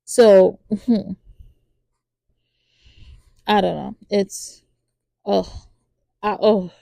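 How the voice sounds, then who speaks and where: A woman hosting a podcast who recaps a TV drama in a casual, animated way, with lots of fillers and acted-out lines. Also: very slow, creaky, no room sound. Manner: acts out characters' lines in high voices. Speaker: podcast host reviewing a TV drama.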